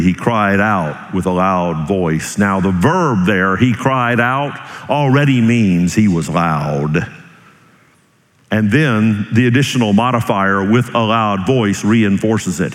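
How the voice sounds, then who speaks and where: A male pastor preaching with great animation, leaping up high for emphasis and then dropping low and slow. His voice rings out with a long hall reverb, as in a church sanctuary. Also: expressive. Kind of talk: sermon.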